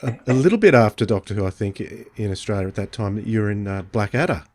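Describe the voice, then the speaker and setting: A man's voice: on the low side, lively intonation, quick pace, darkish tone, slight background noise. A man co-hosting a podcast, asking a guest questions in a casual, hesitant way with many fillers and some laughter. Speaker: podcast co-host.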